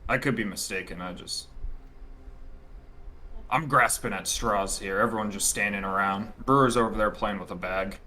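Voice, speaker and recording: A man's voice: fairly low pitch, normal speed, sharp tone, a little hiss or hum. A man playing a tabletop game, joking and blunt, swearing casually as he talks through plans. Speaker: player.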